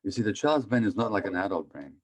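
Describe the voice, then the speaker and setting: A Hungarian physician in his seventies gives a conversational public talk on trauma, putting questions to his audience. His voice is lowish, and he speaks fast and animatedly.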